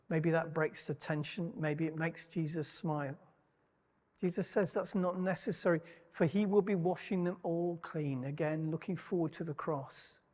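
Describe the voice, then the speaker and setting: A man preaching a sermon, retelling a story in a measured, reflective way with wry asides. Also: fairly high pitch, darkish tone. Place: church hall. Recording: long church reverb.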